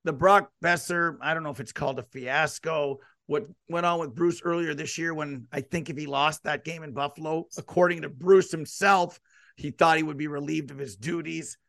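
A man's voice: on the high side, fairly even intonation, moderate pace, creaky, a bit bright, dry recording, studio quality. A man hosting a casual sports podcast, asking long, rambling, leading questions. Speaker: podcast and radio host.

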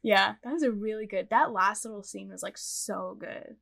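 A young woman in casual podcast chat about a movie, agreeing and laughing, often trailing off into soft asides. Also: medium pitch, normal speed, vocal fry, a crowd in the background.

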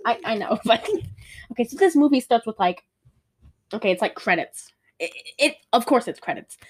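A woman's voice: fairly high pitch, lively intonation, moderate pace. A woman co-hosting a casual movie review chat, rambling and giggly with lots of fillers. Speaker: podcast co-host.

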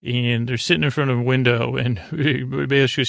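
A man with a gravelly, creaky voice talks through an episode recap in a flat, level tone. He rambles and restarts often, filling pauses with "uh". The sound is dry and close, with no room around it. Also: mid-range voice, dry recording. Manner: rambling, halting, many fillers and restarts. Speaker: podcast host recapping an episode. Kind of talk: casual sleepy recap monologue.

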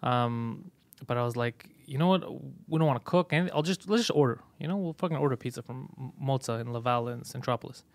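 A man hosting a casual comedy podcast, telling a story in an animated way and swearing a lot. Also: medium pitch, fairly quick, dry recording. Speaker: podcast host.

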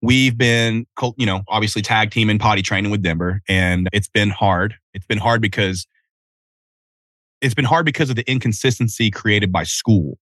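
A man in his thirties from Tennessee, hosting a casual solo podcast outdoors, telling animated, profane stories. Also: fairly low pitch, moderate pace, no echo. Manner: animated storytelling with cursing and self-interruptions. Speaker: podcast host.

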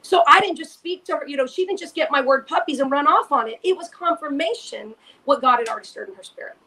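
A woman co-hosting a faith podcast, telling an animated personal story and repeating phrases for emphasis. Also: high-pitched, quick pace. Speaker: podcast co-host. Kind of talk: casual chat, storytelling testimony.

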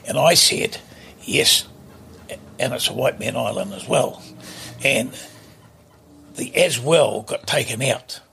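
A man's voice: medium pitch, slow, creaky, long pauses, bright, forceful tone, a little hiss or hum. An older man, telling stories bluntly and emphatically as a podcast guest. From New Zealand. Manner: blunt, emphatic, repeats himself. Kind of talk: casual interview storytelling.

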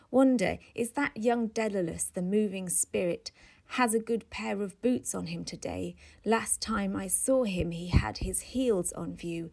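Woman reading as a gruff blunt male editor. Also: medium pitch, darkish tone. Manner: gruff, dismissive outbursts.

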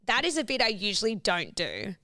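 Chatty woman, lively pitch. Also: a little fast, dry recording, clean studio sound. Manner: chatty, laughs often, uses "like" a lot. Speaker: podcast co-host. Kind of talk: casual chat.

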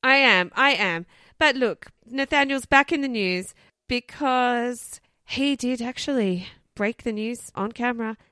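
A woman co-hosting a comedy podcast, telling a story in an animated way with swearing and laughs. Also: on the high side, measured pace, no room sound, studio quality. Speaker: podcast co-host. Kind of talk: casual comedy podcast chat.

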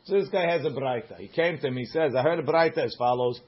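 A man's voice: medium pitch, fast, lo-fi sound. A man teaching a Talmud class, reading the Aramaic in a sing-song study chant and explaining it in English.

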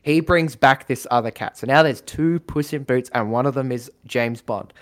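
Man, casual brainstorming, rambling, acts out bits, clear resonant voice. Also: mid-range voice, normal speed. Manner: rambling, lots of fillers and acted quotes, swears.

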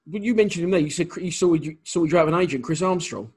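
A man hosting a casual chat, chatty and quick with his questions. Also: a little high, darkish tone, slightly rough. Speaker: podcast host.

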